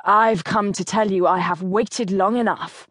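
A woman reading the part of a grim, determined duke in an audiobook, speaking low, firm and measured. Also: steady tone, fairly bright tone, dry recording, clean studio sound. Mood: commanding.

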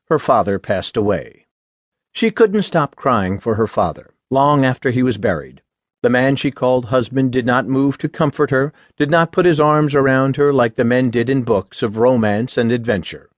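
A man reading an audiobook in a measured, even scripted narration. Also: mid-range voice, no echo.

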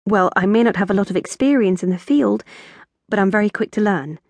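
A woman's voice: medium pitch, brisk, a little mellow, no room sound, natural voice. A woman reading an audiobook, voicing a nervous young city woman who speaks hesitantly and unsurely. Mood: unhappy.

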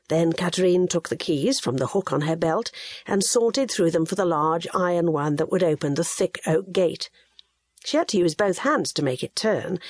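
A woman narrating an audiobook in a measured storytelling manner, her pitch moving a lot through the lines. Her voice has a light husk, and the recording is dry and close with no room around it. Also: darkish tone, slightly rough, no room sound. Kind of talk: scripted narration.

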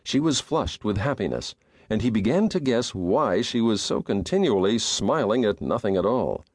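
A man narrating a western audiobook in a measured, expressive storytelling manner, close to a studio mic. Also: fairly low pitch, no echo. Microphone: studio microphone.

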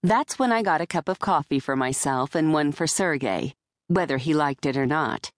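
A woman's voice: low voice, expressive, normal speed, no room sound. A woman narrating an audiobook in the first person, telling the story in a dry, wry manner. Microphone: close studio mic.

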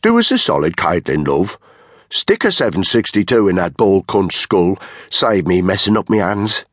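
A man's voice: low-pitched, big pitch swings, normal speed, slightly rough, no room sound, clean studio sound, pitched above the performer's own voice, exaggerated voice. A narrator voicing a sneering, bullying blond male unit commander with a crude, mocking manner. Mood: taunting. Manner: mocking, crude, exaggeratedly loud.

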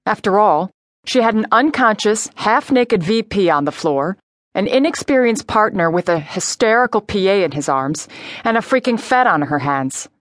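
A woman narrating a crime story audiobook in a clear, measured reading voice. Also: mid-range voice, expressive, dry recording, studio quality. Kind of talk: scripted narration.

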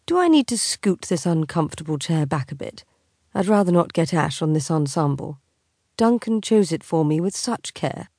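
A woman voicing a teasing, insolent young aristocratic husband in a slow, drawling, mocking manner. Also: deep voice, sing-song, darkish tone, dry recording, clean studio sound, full character voice.

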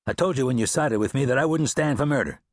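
A man's voice: mid-range voice, fast, slightly rough, no room sound, clean studio sound, voice pushed up. A man voicing a stern, cool-headed lawman turned bounty hunter in an audiobook western, speaking in an authoritarian, matter-of-fact way. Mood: cold.

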